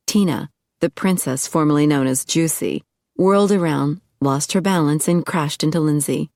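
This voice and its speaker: A woman reads an audiobook in a low, wry voice. The sound is dry and close, with no room around it. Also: normal speed, darkish tone, no room sound. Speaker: audiobook narrator. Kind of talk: scripted narration.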